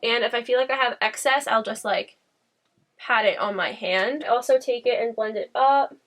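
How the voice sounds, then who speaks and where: A woman's voice: on the high side, normal speed, a bit bright. A young woman chatting bubbly to camera as she walks through her makeup tutorial at home. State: out of breath. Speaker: beauty vlogger. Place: bathroom at home.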